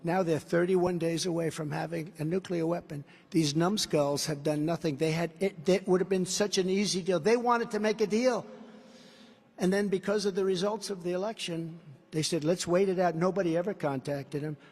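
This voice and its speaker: A combative older man from the United States speaks at a podium in his seventies, with a voice pitched high for a man. He repeats his points and boasts as he campaigns. A long reverb from the big indoor venue trails each phrase. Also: fairly even intonation, normal speed, a little mellow. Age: 70s. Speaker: political candidate. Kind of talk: campaign rally speech. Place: large indoor rally venue.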